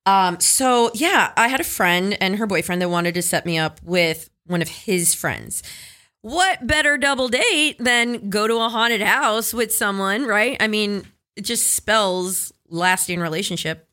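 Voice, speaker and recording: A woman co-hosting a casual podcast, telling a story with animated flair and acting out the people in it. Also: mid-range voice, measured pace. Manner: animated storyteller, acts out quotes. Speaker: podcast co-host.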